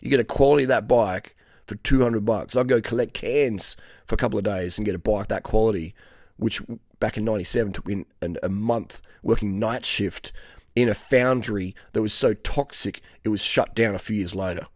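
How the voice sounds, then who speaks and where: Australian male cycling vlogger in his forties, gravelly, foul-mouthed and animated storyteller. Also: lowish voice, brisk, no echo, clean studio sound. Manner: profane, animated, slangy, frequent "mate" and "man". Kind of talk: casual storytelling monologue.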